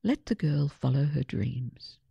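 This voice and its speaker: A woman voicing a gentle, wise grandmother in a children's story read aloud. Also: low-pitched, animated, a little slow, gravelly, breathy edge, dry recording, dull audio, exaggerated voice. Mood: soothing. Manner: gentle, encouraging.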